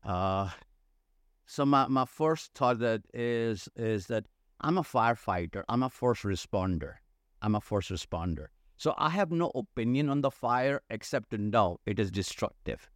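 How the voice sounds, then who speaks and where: Slow, earnest man speaking in a dry room. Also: mid-range voice, animated, no echo. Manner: slow, earnest, repeats phrases for emphasis. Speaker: church leadership consultant, guest. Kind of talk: podcast interview.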